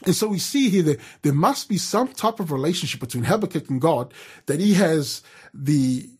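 A man from New Zealand talks through a devotional in an easy, storytelling way, tripping over restarts and fillers as he goes. His voice sits a little higher than most men's. It has a husky, slightly breathy edge. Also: animated, normal speed. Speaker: radio presenter giving a devotional. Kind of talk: casual devotional talk.

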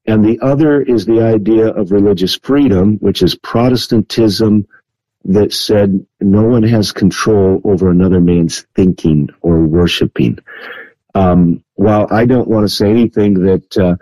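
Low, mellow-voiced man explaining earnestly. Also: no room sound, poor audio. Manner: measured, earnest, explanatory with frequent hesitations. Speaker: guest. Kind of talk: interview answer on biblical prophecy.

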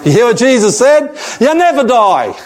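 Older guy preaching a sermon, pretty high voice, keeps repeating lines for emphasis. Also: sing-song, normal speed. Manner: emphatic, repeats key phrases. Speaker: pastor.

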